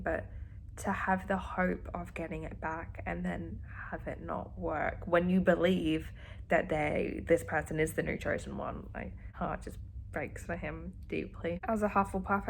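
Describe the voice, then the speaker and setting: Chatty woman, low voice. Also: moderate pace, creaky, a little hiss or hum. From Australia. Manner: chatty, expressive, sarcastic asides. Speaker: book vlogger. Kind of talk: casual reading vlog reactions.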